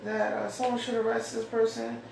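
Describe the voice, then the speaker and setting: A woman's voice: fairly high pitch, little pitch movement, normal speed, gravelly, a little mellow. A woman hosting her own show, chatting casually and rambling as she reads out mail she has been sent. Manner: rambling, chatty, thinks aloud. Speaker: host. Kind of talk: casual solo chat, reading out mail. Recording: echoey room, far from mic, faint hiss.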